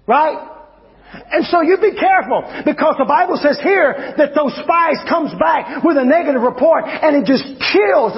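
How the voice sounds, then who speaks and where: Male pastor, high voice, emphatic sermon delivery, dull lo-fi recording. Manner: preaching with swings from loud emphatic shouts to low quiet asides. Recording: long hall reverb, dull lo-fi sound.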